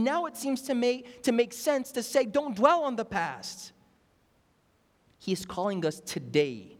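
A young man preaching a sermon as pastor, emphatic and repeating phrases, asking the congregation questions. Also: high-pitched. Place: church sanctuary. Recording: hall reverb.

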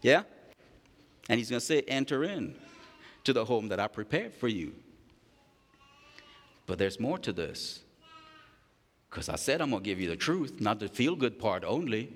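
A man preaching a sermon, reading scripture aloud and acting out the voices of the people in the story with lively, animated delivery. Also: mid-range voice, moderate pace, pauses often, in a large hall. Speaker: pastor.

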